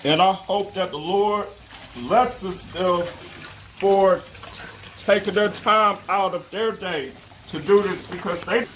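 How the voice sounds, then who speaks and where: Earnest and devout, a male homeowner vlogger walks through a casual how-to on his phone, halting, stammering and self-correcting. His high voice has a bit of brightness, and faint background noise is present.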